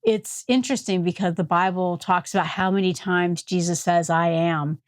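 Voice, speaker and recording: A woman's voice: lowish voice, fairly even intonation, moderate pace, dry recording, studio quality. A woman with an Upper Peninsula Michigan accent casually teaching a Bible passage, retelling scenes with chatty asides. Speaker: Bible study host.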